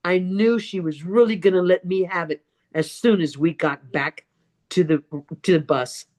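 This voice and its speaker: A woman's lowish, somewhat mellow voice tells a dramatic personal story as a speech for a public speaking club. Emphatic in manner, she performs others' lines, leans on deliberate pauses, and repeats words for emphasis.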